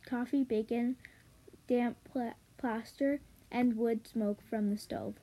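A woman's voice: a little high, steady tone, slow, warm tone, rough recording. A woman reading a children's book aloud, hesitant, with stumbles and fillers. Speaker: reader.

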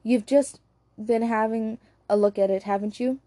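A woman's voice: on the high side, steady tone, moderate pace, warm tone, close to an everyday voice. A woman voicing a brusque male police boss in an audiobook, speaking curtly and with authority. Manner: curt, commanding. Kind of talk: audiobook character reading.

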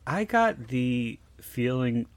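A man's voice: mid-range voice, big pitch swings, slow, gravelly. Rambling man telling anecdotes. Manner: rambling, many fillers and restarts. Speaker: guest recalling a film shoot. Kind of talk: casual interview storytelling.

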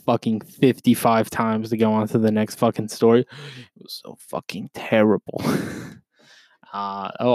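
Young male podcast host, solo rant: excitable, profane, bursts loud, dry close sound. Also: medium pitch, no room sound.

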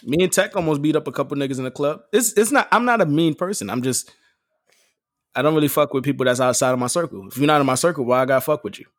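A man on a casual podcast telling animated stories, acting out quotes and laughing often. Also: fairly high pitch, fast, no echo. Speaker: podcast co-host. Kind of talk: casual storytelling banter.

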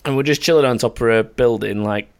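A young man hosts a loose, chatty podcast. He tells rambling stories, laughs often and swears freely. His voice sits at an ordinary middle pitch. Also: quick pace, creaky, clear, resonant tone. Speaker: podcast host. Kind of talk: casual chat.

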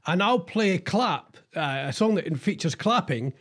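A man's voice: high voice, lively intonation, measured pace. A man in his sixties hosting a radio show, bantering casually and teasing his co-host, with lots of ums and uhs. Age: 60s. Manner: teasing, chatty, lots of fillers.

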